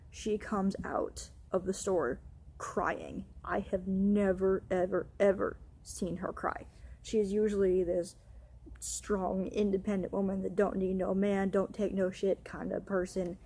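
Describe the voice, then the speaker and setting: A woman's voice: medium pitch, fairly even intonation, unhurried, vocal fry, dark tone, husky. A young woman rants in an upset, run-on way, swearing often as she tells a storytime vlog about her night. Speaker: vlogger.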